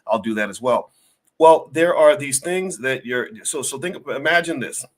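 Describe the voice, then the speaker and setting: A middle-aged man hosts a live finance stream, talking straight to his viewers in the chat. He is folksy and a little preachy, leans on fillers, and acts out small scenes to make his points. His voice sits at an ordinary mid pitch. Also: lively intonation, normal speed. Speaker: finance professor and show host. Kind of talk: livestream talk to chat viewers.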